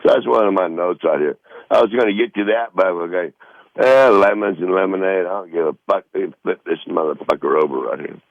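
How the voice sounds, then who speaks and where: Podcast host, middle-aged man, very low voice, dry close sound, profane and rambling. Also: fairly quick, vocal fry, dry recording, dull audio. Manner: profane, rambling, reads from notes. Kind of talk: rambling casual monologue. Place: Northern Michigan home.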